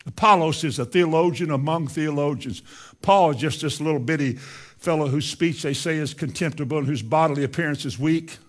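An older male preacher delivering a sermon with a slightly high voice. He talks in a plain, folksy way, dropping to quiet asides and then pressing his points hard. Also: fairly quick. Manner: folksy, emphatic, swings from quiet asides to loud insistence.

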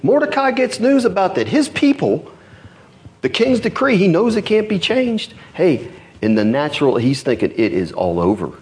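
A man preaching a sermon, telling a Bible story in an animated way, swinging from loud to hushed. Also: sits high, moderate pace. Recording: church service recording.

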